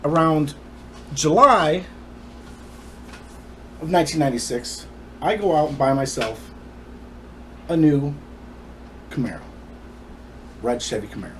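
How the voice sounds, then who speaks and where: Man, indignant personal storytelling, animated, somewhat high voice. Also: measured pace, pauses often, a little hiss or hum. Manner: emphatic, indignant.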